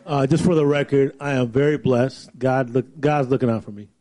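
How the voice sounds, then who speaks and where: A man co-hosting a talk show, speaking in a measured way and calmly disagreeing. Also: mid-range voice. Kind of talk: casual talk.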